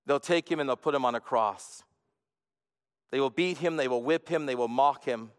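A man preaching a sermon as a pastor, earnest, moving between hushed and emphatic delivery. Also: medium pitch, normal speed, clear, resonant tone. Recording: long reverb of a large hall.

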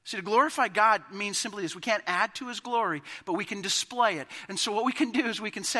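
Man preaching in church, fired up, high voice, long echoey hall. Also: fast, hardly any pauses. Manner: impassioned, building to emphatic peaks, with quiet asides. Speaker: pastor. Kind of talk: sermon. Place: church sanctuary.

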